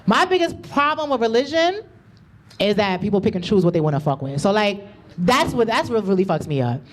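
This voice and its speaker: A woman's voice: medium pitch, big pitch swings, fairly quick. A woman doing a stand-up comedy set with a loose, slangy, conversational delivery. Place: comedy club stage.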